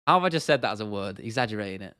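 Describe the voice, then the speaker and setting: A young man from the UK chats through a casual livestream Q&A in a blunt, slangy way, swearing freely and tripping into restarts. His voice is smooth and resonant, and the sound is close and dry, with no room around it. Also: lowish voice, animated, racing, bright, forceful tone, no echo. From United Kingdom. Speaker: livestream host.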